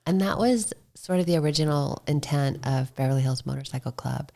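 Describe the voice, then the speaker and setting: Low-voiced chatty woman telling stories. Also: a little fast, gravelly. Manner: chatty storyteller, acts out quoted dialogue in soft whispers. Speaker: podcast guest, motorcycle club founder. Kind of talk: casual podcast conversation.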